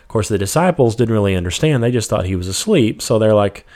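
A Bible teacher with a fairly low voice talks fast, reading passages and then paraphrasing them plainly. The study is casual, and his speech is loose, with "you know" and "um" along the way.

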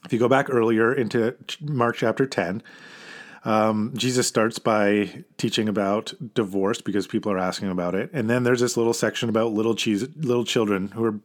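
A male pastor preaches in a plain, conversational way, talking to his listeners rather than orating. His voice sits a little low. He stays earnest throughout and presses harder when he reaches a point he wants to land. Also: steady tone, normal speed. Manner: earnest, informal, emphatic at key points. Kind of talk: conversational sermon.

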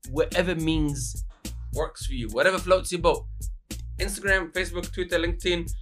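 A man co-hosting a radio show, giving upbeat shout-outs to venues and breaking into playful sing-song chants. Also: fairly high pitch, fairly even intonation, moderate pace, soft background music. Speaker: radio host.

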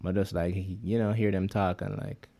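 Jamaican male co-host, mellow and low, loose patois chat full of fillers. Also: fairly even intonation, moderate pace, gravelly. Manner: rambling Jamaican patois speech, many fillers. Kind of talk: casual chat.

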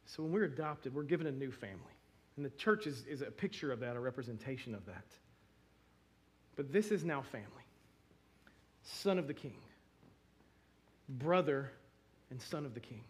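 A man's voice: medium pitch, lively intonation, moderate pace, long pauses. A man in his thirties or forties, a pastor preaching a sermon, telling emotional stories with many restarts.

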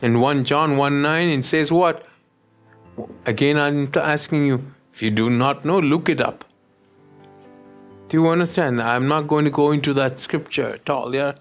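A pastor preaching a sermon, often stopping to check that the listeners follow him. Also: male voice, fairly high pitch, moderate pace, soft background music. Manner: keeps checking in with the listeners, asking "yes?".

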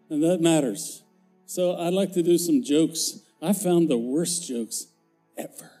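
A man's voice: on the high side, dark tone. An older man preaching a folksy, joking sermon in a church, growing emphatic as he goes. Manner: folksy, jokey, grows emphatic. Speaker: former pastor, guest preacher. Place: church sanctuary.

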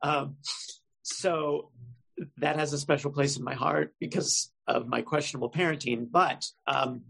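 Gravelly, husky man telling a story. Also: on the high side, steady tone, measured pace, a bit bright, rough recording. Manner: storytelling, self-mocking. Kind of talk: casual chat.

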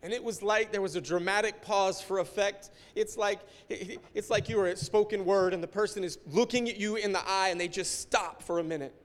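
Emotional high-voiced male pastor preaching. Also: brisk, hardly any pauses, in a large hall. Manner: emotional, swings from hushed to forceful preaching. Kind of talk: sermon.

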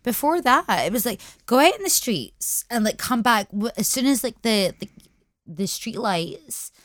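A woman's voice: fairly high pitch, animated, measured pace, a bit bright, no room sound. A Scottish woman speaking as a guest on a casual podcast, chatty and swearing, filling her talk with "like". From Scotland. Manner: chatty, heavy use of "like", swears.

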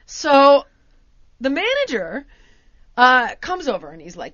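American woman host, high and bright, very expressive storyteller; dry, slightly muffled recording. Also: moderate pace, no room sound. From United States. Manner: animated, acts out quotes with big pitch swings. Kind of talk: casual storytelling chat.

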